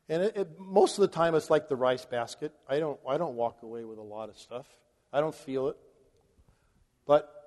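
A man's voice: mid-range voice, darkish tone. A man preaching a conversational sermon to a large congregation, chuckling now and then between points. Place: large hall before a congregation. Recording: long hall reverb.

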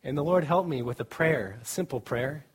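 A middle-aged campus ministry speaker delivers a casual, joking sermon at a student camp, frequently laughing as he talks. His voice is a little high and slightly rough, moving at normal speed.

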